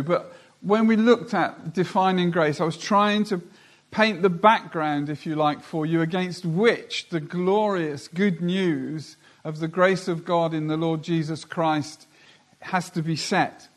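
A man preaching a sermon, who talks slowly and deliberately and reads scripture aloud. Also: fairly high pitch.

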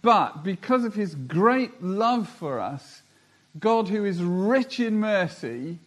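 A man preaching a sermon, who talks slowly and deliberately and reads scripture aloud. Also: sits high, big pitch swings.

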